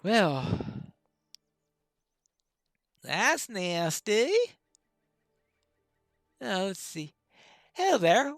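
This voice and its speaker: A woman's voice: medium pitch, sing-song, no echo. A woman hosting a game playthrough with chatty, wry commentary. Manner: chatty, wry asides, drawn-out musing. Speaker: let's-play host. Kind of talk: casual gameplay commentary.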